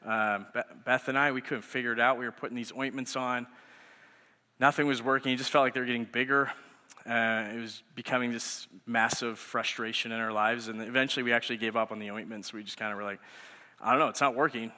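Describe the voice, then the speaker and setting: A man's voice: medium pitch, flat delivery, fast talker, sharp tone. A man in his thirties, a youth pastor, giving a sermon through conversational storytelling. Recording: echoey hall reverb.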